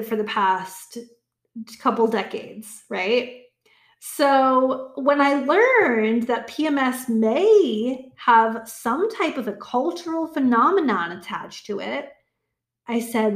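Woman vlogger, thirties, chatty and candid, swears freely, fairly high voice, echoey room. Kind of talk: casual talk to camera.

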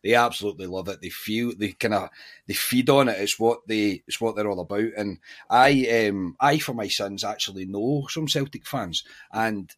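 A man's voice: lowish voice, moderate pace, a bit bright. A Scottish man hosting a podcast, chatting casually and animatedly with frequent restarts and exasperated opinions. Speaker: podcast host.

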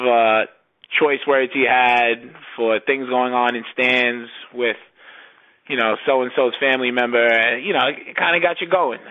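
A man talking as a podcast guest in casual conversation, halting with many restarts. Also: mid-range voice, phone-quality sound.

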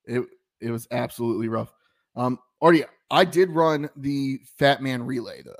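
Southern male podcast co-host, casual, rambling storyteller, mid-pitched. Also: moderate pace, gravelly. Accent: Southern American. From American South. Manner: rambling, many restarts, animated storytelling. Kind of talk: casual sports chat.

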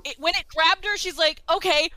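High, bright-voiced woman player. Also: no room sound. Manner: excitable, quick reactions. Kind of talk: casual tabletop play.

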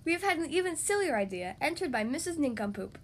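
A woman's voice: high-pitched, big pitch swings, fast. Woman playing a grand storybook king. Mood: proclaiming. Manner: grand, announcing to a crowd. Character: pompous male king of a silly land.

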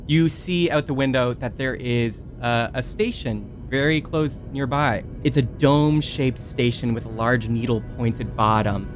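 A man's voice: medium pitch, unhurried, hardly any pauses, soft background music. A man running a tabletop game as game master, narrating scenes in a laid-back, descriptive way.

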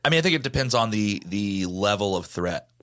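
A man's voice: on the low side, expressive, fairly quick, fairly bright tone. Man, co-host, casual chat, joking, wisecracking.

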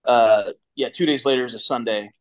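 A man's voice: medium pitch, a little fast. A man in his thirties, a guest telling a story in a casual, rambling way with many restarts and fillers. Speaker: guest, former pitcher.

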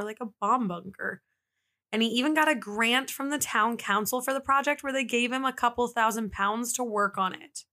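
Her voice runs high, bright and pushed as she recounts a true-crime tale on her podcast. The woman keeps things loose and talkative, quick to laugh and packing her speech with "like."

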